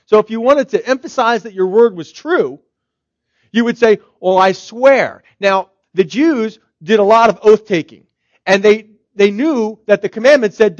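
A man's voice: sits high, no echo. A man preaching a sermon as pastor, talking in a conversational way and firing off strings of rhetorical questions. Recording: slightly dull, dry recording.

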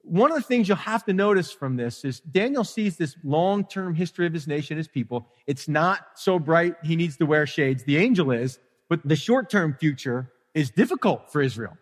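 A middle-aged man preaching a conversational, animated sermon, now and then acting out prayers. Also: fairly high pitch, moderate pace, hardly any pauses. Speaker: pastor. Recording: live-streamed hall with long reverb.

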